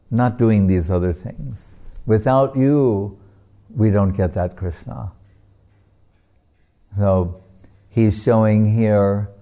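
A man giving a devotional sermon, telling a sacred story in an unhurried, storytelling way and chuckling often. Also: fairly low pitch, vocal fry, warm tone. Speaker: devotional speaker.

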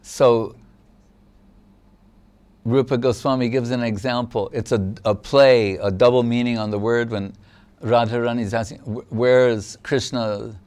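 A man giving a devotional lecture as a spiritual teacher, explaining in a measured, reflective way. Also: mid-range voice, fairly even intonation, darkish tone, clean tone.

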